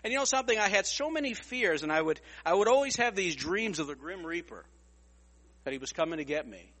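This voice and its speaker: A man's voice: high voice, lively intonation, fairly quick, fairly bright tone, long reverb tail. A man preaching a storytelling sermon, repeating words as he goes and acting out other people's lines.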